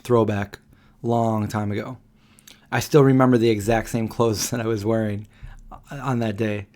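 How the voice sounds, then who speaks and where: A man's voice: on the low side, fairly even intonation, moderate pace, a little mellow. Rambling middle-aged man telling a story. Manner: rambling, with many fillers and restarts. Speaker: host of a live Q&A stream. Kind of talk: casual storytelling.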